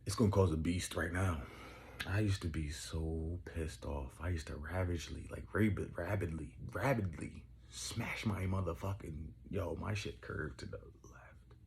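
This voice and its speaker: A young man telling rambling, profane stories in casual chat, getting excitable as he goes. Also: deep voice, normal speed, a little hiss or hum. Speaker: podcast host. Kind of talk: casual storytelling.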